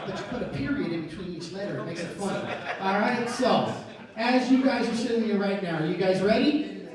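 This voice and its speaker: High-voiced emcee hyping a crowd. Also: male voice, lively intonation, a little fast. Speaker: show host. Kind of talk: emceeing a comedy show. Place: comedy club stage. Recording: echoey club, distant mic, roaring crowd. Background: loud audience.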